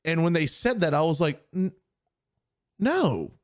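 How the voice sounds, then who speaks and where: A man's voice: a little high, brisk, clear, resonant tone. A young man co-hosting a podcast, telling a story in casual chat and acting out the people he quotes. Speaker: podcast co-host.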